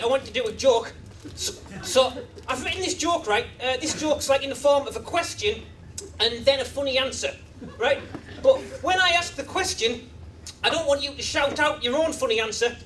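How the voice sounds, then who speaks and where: High-voiced guy doing deadpan stand-up, awkward, stumbles a lot, live club recording with a noisy crowd laughing. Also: far from the mic. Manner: deadpan, awkward, hesitant restarts. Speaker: stand-up comedian. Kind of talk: stand-up comedy set. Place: comedy club stage with live audience.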